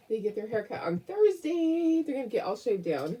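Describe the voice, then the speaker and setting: A woman's voice: mid-range voice, animated, normal speed, dark tone, husky. A woman hosting a craft live stream, chatting casually, rambling with lots of fillers and frequent laughs. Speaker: craft show host.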